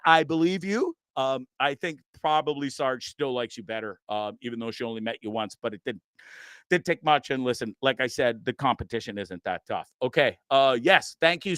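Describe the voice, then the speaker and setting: A man's voice: mid-range voice, a bit bright, clear, resonant tone, no echo. Chatty man hosting a live stream. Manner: rambling, chatty, reads comments aloud and swears. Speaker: live-stream show host. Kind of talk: casual live-stream chat.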